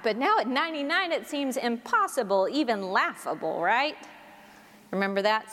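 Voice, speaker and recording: A woman preacher reading scripture and giving a sermon in a measured, expressive storytelling manner. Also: a little high. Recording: long reverb of a large hall.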